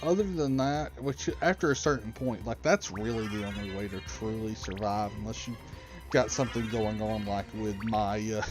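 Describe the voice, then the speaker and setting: A man's voice: fairly low pitch, moderate pace, music in the background. A man hosting a game stream, chatting casually in a rambling way. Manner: rambling, chatty, frequent restarts and fillers. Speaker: streamer host. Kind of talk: casual chat while gaming.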